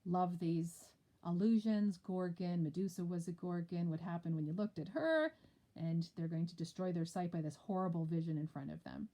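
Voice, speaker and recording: A woman's voice: on the low side, moderate pace, mellow. A woman teacher explaining a play in a lecture, with chatty, explanatory asides. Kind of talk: lecture with read-aloud play.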